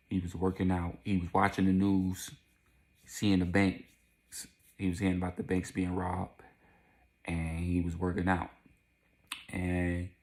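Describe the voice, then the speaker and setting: A man narrating a casual storytime, animated, repeating lines and adding vocal sound effects. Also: sits low, gravelly.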